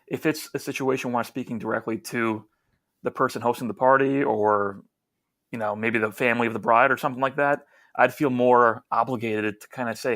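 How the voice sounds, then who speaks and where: Low-key man co-hosting a podcast. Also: fairly even intonation, brisk, a bit bright. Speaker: podcast co-host. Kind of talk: casual podcast chat.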